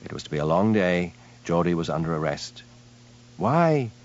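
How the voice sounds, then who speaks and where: A man narrating an audiobook in a lively, dramatic storytelling manner, on a dull lo-fi recording. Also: low-pitched, brisk. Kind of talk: scripted narration.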